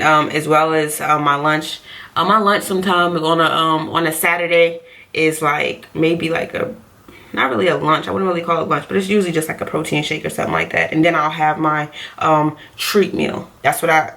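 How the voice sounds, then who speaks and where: A woman's voice: fairly low pitch, fairly bright tone. A woman coaching on diet in a casual vlog, chatty and repeating her points for emphasis.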